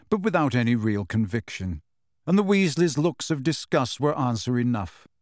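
A man narrating an audiobook in a measured, even storytelling delivery. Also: medium pitch, no echo, clean studio sound.

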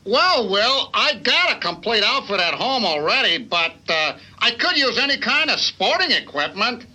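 A man's voice: high voice, very animated, normal speed, background noise. An actor voicing a meek, jobless man on a cartoon game show who squeals and gets carried away over prizes. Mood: sheepish.

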